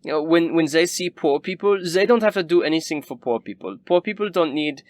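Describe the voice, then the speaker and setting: A man's voice: expressive, brisk, a little mellow, close to an everyday voice. A man doing a gushing snobbish rich noble. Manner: high, gushing, giddy.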